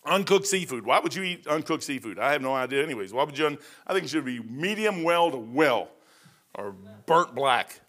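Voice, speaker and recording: A man's voice: a little high, expressive, fairly quick, fairly bright tone. A man in his sixties preaching an informal sermon in a folksy, rambling way with joking asides. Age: 60s.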